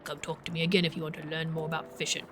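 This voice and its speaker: A woman doing a gruff old fishmonger. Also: sits low, flat delivery, very fast, over music, close to an everyday voice. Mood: folksy. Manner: folksy, encouraging. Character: gruff older male fox-like fishmonger, kindly.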